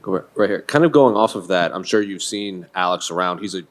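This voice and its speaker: A male reporter with a low voice asks a question at a media scrum. He talks conversationally and winds his way toward the point. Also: lively intonation, brisk. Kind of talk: press interview questions.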